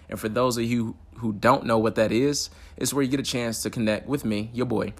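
A man's voice: on the low side, creaky, fairly bright tone. Upbeat casual man hosting a motivational show. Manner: casual upbeat slang, chatty with fillers. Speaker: podcast host. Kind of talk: motivational solo talk show.

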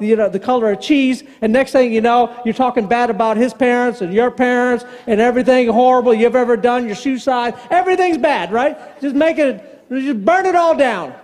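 A man preaching a sermon as pastor, conversational and joking, acting out the people in the story with quick voices. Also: very high-pitched, darkish tone. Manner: conversational, acts out quotes in voices. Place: church hall. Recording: hall reverb.

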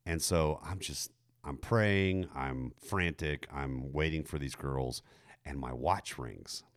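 A middle-aged man, telling a story in casual chat, jumping high in pitch when he quotes a woman. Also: takes it slowly. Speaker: podcast co-host telling a story.

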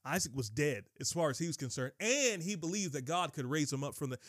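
A man preaching a sermon in an emphatic, conversational way, rising to high excited bursts. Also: fairly quick, no echo, studio quality. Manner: conversational, addresses listeners as bro.

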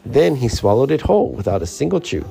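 A man reads a children's picture book aloud with a lively, sing-song rise and fall. His voice is mellow and dark, with a gravelly crackle running through it. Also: medium pitch, quick pace, soft background music. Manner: expressive, sing-song storytelling. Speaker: storybook reader.

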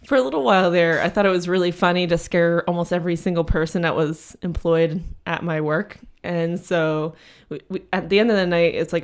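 A young adult woman co-hosting a casual podcast, telling a rambling story and laughing often. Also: lowish voice. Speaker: podcast co-host. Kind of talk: casual chat.

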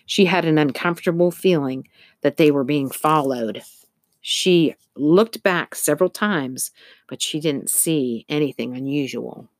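Low-voiced woman reading a storybook. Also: a little slow, dry recording, clean studio sound. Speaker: narrator. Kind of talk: audiobook narration.

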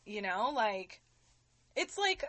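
A woman's voice: mid-range voice, sing-song, takes it slowly, fairly bright tone, no room sound. Chatty, swearing woman podcaster. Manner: loose, profane, lots of "like". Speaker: podcast co-host. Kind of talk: casual chat.

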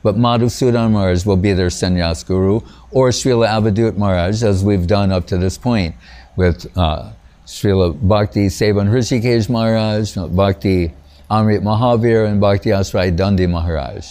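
A man with a lowish, darkish voice speaks at a moderate pace with fairly even intonation, giving an informal spiritual talk as a teacher. He rambles through anecdotes, says "you know" a lot, breaks off and restarts, and chuckles at his own stories.

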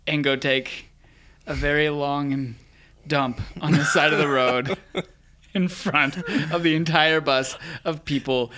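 A young man casually telling an embarrassing story, animated and laughing as he goes. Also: on the high side. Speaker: guest storyteller.

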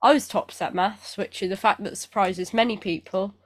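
A woman's voice: mid-range voice, moderate pace. A woman co-hosting a casual podcast, rambling and self-deprecating with lots of fillers, getting over feeling unwell. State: recovering from illness. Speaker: podcast co-host. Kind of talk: casual chat.

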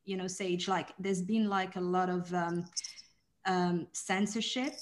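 A woman's voice: on the low side, fairly even intonation, unhurried. Chatty woman interviewer. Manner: chatty, many fillers. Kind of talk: interview conversation.

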